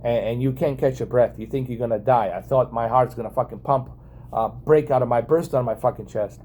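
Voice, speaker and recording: Casual vlogger man, dark mellow tone, excitable and profane storytelling. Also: medium pitch, brisk, slight background noise. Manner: excitable, profane, many fillers and restarts.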